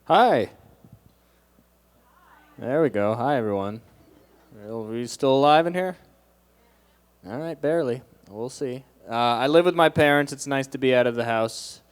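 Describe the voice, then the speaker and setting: A man's voice: medium pitch, lively intonation, unhurried, long pauses, smooth. A young man doing a stand-up comedy set in a club, with a dry, wry delivery.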